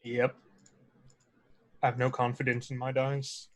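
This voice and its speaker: Animated joking male player. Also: mid-range voice, unhurried. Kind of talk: casual tabletop game chat.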